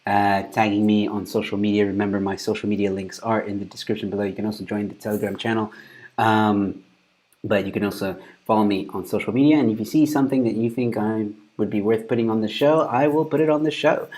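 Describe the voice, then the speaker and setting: A man's voice: on the low side, fairly even intonation, fast, darkish tone. A man hosting a casual news commentary show, rambling loosely and breaking into laughter often. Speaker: show host.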